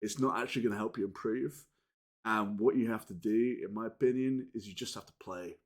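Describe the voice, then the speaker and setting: A man hosting a gaming channel, chatting casually and unscripted to his viewers, rambling with frequent restarts and casual swearing, swinging between loud and muttered. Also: on the low side, fairly quick. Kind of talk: casual unscripted chat to camera.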